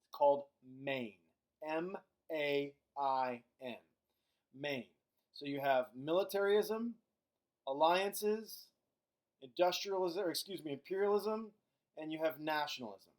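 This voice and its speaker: Casual man teaching history. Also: a little high. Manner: casual, acts out countries in quick silly voices. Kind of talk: recorded lecture.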